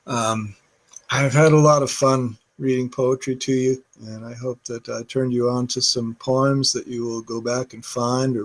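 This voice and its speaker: A man reading poetry aloud in a slow, measured recitation, recording at home during quarantine. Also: medium pitch. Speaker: poetry reader.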